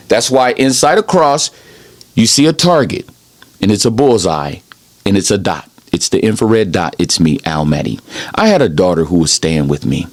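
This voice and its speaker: A man giving a rambling improvised sermon as a self-styled preacher, emphatic and repeating "okay?" after his points. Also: fairly high pitch.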